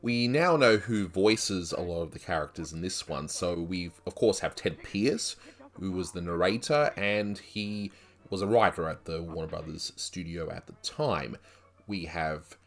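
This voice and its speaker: A man talking through a review of an old cartoon, in a conversational way with asides and hedges. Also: low-pitched. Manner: conversational, thinking aloud with asides. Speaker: animation reviewer. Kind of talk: video review commentary.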